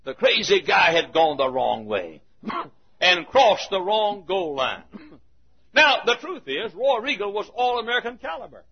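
Animated preacher, high lively voice. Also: male voice, measured pace. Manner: animated, swings between shouting and hushed asides, chuckles. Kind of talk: sermon with storytelling. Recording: dull lo-fi recording.

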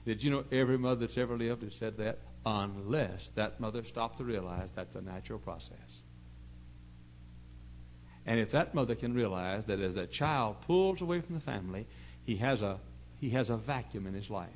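A middle-aged man pastor preaching a sermon in an earnest storytelling way, dropping to hushed asides and rising to loud emphasis. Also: fairly low pitch, normal speed, slight background noise, poor audio. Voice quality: gravelly.

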